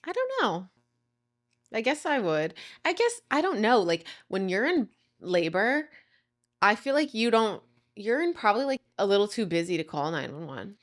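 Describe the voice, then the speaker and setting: Lively woman in teasing podcast banter. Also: mid-range voice, normal speed. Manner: teasing, laughs easily. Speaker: podcast co-host. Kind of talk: casual chat.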